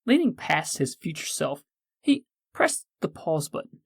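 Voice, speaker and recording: Measured male audiobook narrator. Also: on the high side, lively intonation, no echo, studio quality. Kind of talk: scripted narration.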